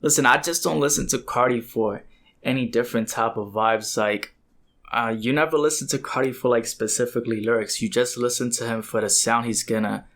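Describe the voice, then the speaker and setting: Young man, casual reaction host, rambling, filler-heavy slang, mid-pitched voice. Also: a bit bright. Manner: rambling, loose, lots of filler "like" and "bro". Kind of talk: casual music reaction commentary.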